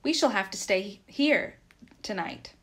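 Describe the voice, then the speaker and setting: A woman voicing a weary, dogged peasant workman who calls out loudly and urges his companions on in a storybook reading. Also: mid-range voice, animated, measured pace. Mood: urgent, weary. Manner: calling out loudly, urging.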